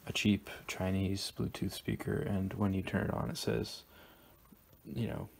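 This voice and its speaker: DIY tutorial host, man with a low, monotone voice, halting, full of ums. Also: creaky. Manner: halting, lots of ums and restarts. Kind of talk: casual how-to explanation. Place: garage workshop.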